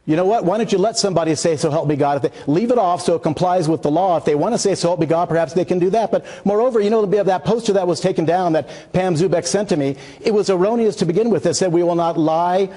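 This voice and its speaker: A man arguing as a guest on a cable news debate, combative and quick to talk over the host. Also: high-pitched, warm tone. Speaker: guest advocate.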